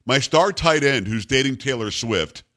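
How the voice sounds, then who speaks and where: A middle-aged male talk host with a lively, swinging delivery. He is blunt and emphatic and circles back to repeat his points. His style is that of an opinionated monologue. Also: medium pitch, normal speed. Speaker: radio talk show host. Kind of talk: opinionated monologue on sports news.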